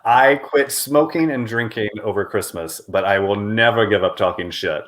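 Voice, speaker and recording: A man's voice: on the low side, moderate pace, fairly bright tone. A man hosting an interview in a playful, teasing manner, often laughing at his own jokes. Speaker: interview host. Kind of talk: casual interview chat.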